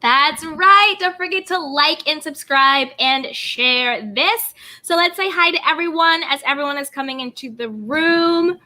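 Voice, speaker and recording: A woman's voice: high voice, a little slow, bright, forceful tone. A woman hosting a live stream, chatting about reality TV in a bubbly way and greeting viewers by name. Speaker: YouTube host. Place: California home.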